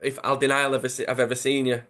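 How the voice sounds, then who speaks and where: A man's voice: medium pitch, flat delivery, rapid-fire, fairly bright tone, close to an everyday voice. A man doing a smug scheming footballer.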